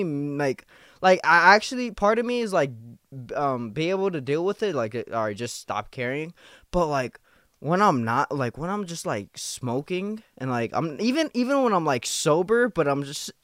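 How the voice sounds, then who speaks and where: A young man talks alone into a close mic for his podcast, restless and profane, circling back over his thoughts. He has just come off a night shift and sounds worn out and irritated. His voice sits a bit high for a man, and the sound is dry and close. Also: fairly bright tone, dry recording. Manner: rambling, profane, restless and agitated. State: tired after a night shift. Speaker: podcast host. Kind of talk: casual solo podcast monologue.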